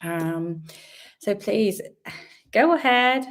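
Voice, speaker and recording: A British woman from the UK, a little croaky from a sore throat, hosting a chatty, upbeat live-stream Q&A from home and greeting her viewers. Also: medium pitch, animated, drawn-out words. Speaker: host. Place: home indoors.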